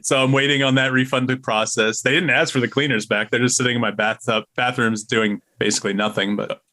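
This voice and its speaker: A man's voice: medium pitch, fairly even intonation, brisk, pushed and bright. A man co-hosting a podcast, telling stories in casual chat, laughing often and swearing. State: slightly under the weather. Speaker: podcast co-host.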